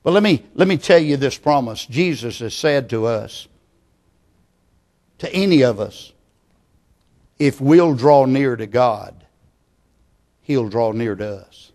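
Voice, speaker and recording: Slow, earnest preacher man. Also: mid-range voice, animated. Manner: earnest, pleading, drops to hushed tones. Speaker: pastor. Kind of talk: sermon. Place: church.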